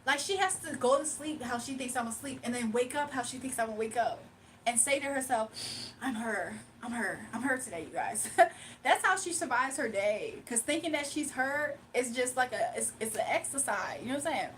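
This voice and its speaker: A woman talking casually on her livestream, animated and mocking, reading chat aloud, laughing often, drawling and slangy. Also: high-pitched, fairly quick, far from the mic, slight background noise.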